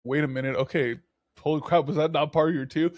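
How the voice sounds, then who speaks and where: A young man co-hosting a podcast in casual chat, animated and laughing as he acts out his own reactions. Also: fairly high pitch, fast, no room sound, clean studio sound. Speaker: podcast co-host.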